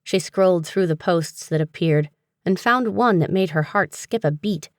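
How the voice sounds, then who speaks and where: A woman narrating an audiobook in a low, steady voice. Her reading is even and scripted, with a dry and close studio sound. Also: normal speed, no room sound.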